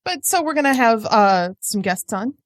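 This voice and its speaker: A woman's voice: fairly high pitch, expressive, normal speed, dry recording, clean studio sound. A woman who is an iOS developer, a guest chatting casually on a podcast and laughing easily.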